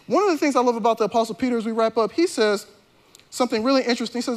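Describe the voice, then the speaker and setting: A male pastor delivering a sermon in a relaxed, conversational style, with slangy turns of phrase. His voice sits high for a man, and he often restarts his sentences mid-thought. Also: racing.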